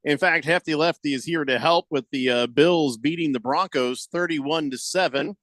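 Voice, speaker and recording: A man's voice: a little high, moderate pace, a bit bright, no echo. A man hosting a sports radio show, chatting casually with jokes and sarcasm. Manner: joking, sarcastic, acts out quotes.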